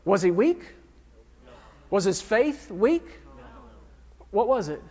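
A man's voice: sits high, very animated, slow, darkish tone. A man in his thirties preaching a sermon, firing emphatic questions at the congregation. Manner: emphatic call-and-response questioning. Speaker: pastor. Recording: dull lo-fi recording with long hall reverb.

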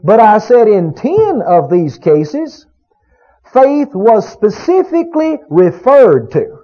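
A male preacher with a high voice that swings widely as he drives each point home. He fires rhetorical questions at the congregation in an emphatic sermon cadence. The recording is dull and lo-fi. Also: sing-song, slow pace.

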